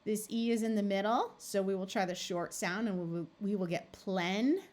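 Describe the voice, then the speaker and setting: A woman tutor walks through a reading lesson at a patient, steady pace. She sounds out words and their parts clearly. Her voice sits at an ordinary middle pitch. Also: fairly quick. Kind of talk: recorded phonics lesson.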